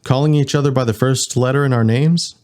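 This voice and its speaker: A man's voice: mid-range voice, steady tone, brisk, darkish tone, close to an everyday voice. A man voicing a cocky, pedantic punk dog-man in an audiobook. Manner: pedantic, nitpicking.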